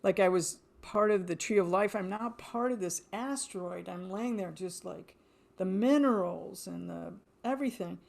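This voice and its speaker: A woman's voice: medium pitch, gravelly. A middle-aged woman telling a story about a spiritual experience in casual chat, acting out dialogue and laughing often. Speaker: guest.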